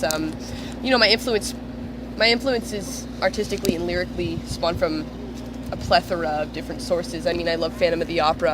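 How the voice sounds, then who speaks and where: A young woman singer in a band with a stuffy, nasal voice from a cold, answering interview questions eagerly and casually. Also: fairly low pitch. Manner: eager, gushing. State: congested from a cold. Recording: noisy street background.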